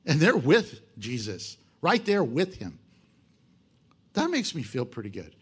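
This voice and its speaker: A male pastor preaching a sermon in an animated, joking way, firing off rhetorical questions. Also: mid-range voice, unhurried, breathy edge.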